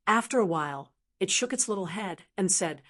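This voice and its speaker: A woman narrating a fantasy audiobook in an even, measured storytelling voice. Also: mid-range voice.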